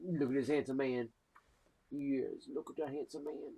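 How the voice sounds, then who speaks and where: A man hosting a casual live stream, cooing affectionate baby talk and soft murmurs. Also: mid-range voice, steady tone, moderate pace, gravelly, slightly rough. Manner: coos affectionate baby talk at a pet cat; soft-spoken, drifting between murmurs and bright calls.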